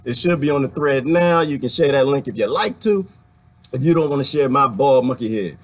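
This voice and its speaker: A man vlogging, preaching his views straight to his viewers in an animated, ranting commentary. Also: mid-range voice, brisk.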